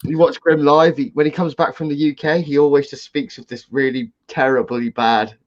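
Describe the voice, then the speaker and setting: A man's voice: on the high side, flat delivery, moderate pace, lo-fi sound. A British man from the UK joining a casual chat with laughing banter.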